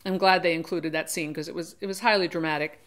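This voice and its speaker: A fast-talking woman with a lowish voice and fairly even intonation hosts a book discussion on her channel. Her chat is casual and digressive, full of restarts and self-corrections, with characters acted out in short quoted voices.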